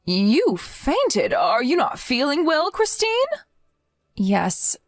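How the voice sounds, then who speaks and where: A woman's voice: high voice, huge pitch swings, takes it slowly, no room sound. A woman voicing a protective, stern grandmother who demands answers and scolds firmly in a dramatized story. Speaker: narrator and grandmother.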